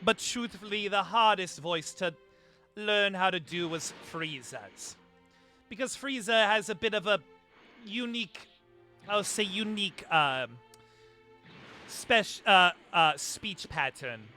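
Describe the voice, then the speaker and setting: High, animated male streamer. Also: takes it slowly, faint music behind. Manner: chatty, rambling with many fillers and restarts. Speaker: livestreamer. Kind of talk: casual stream chat about doing voices.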